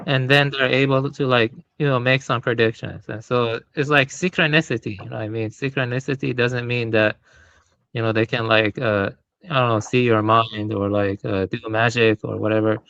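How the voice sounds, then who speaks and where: A man's voice: mid-range voice, steady tone, moderate pace, vocal fry, fairly bright tone, no echo, lo-fi sound. A man in a casual chat, talking hesitantly with many fillers.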